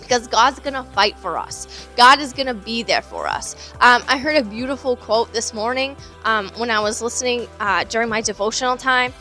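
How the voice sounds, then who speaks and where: A woman's voice: a little high, moderate pace, hardly any pauses, pushed and bright, soft background music. A woman giving a casual, earnest devotional Bible teaching in a conversational way, with many filler words. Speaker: devotional speaker.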